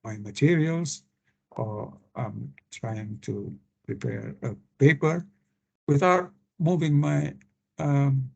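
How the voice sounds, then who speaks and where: Slow, hesitant man lecturing. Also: mid-range voice, vocal fry, lo-fi sound. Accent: Indonesian. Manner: halting, many fillers and restarts. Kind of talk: screen-share lecture.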